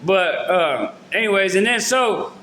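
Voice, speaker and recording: A man with a high, bright voice tells a story from his own life in a rambling, slangy way, full of fillers and false starts. The room around him is noticeably echoey. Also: lively intonation, measured pace, a little hiss or hum. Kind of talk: casual storytelling to camera. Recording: roomy echo.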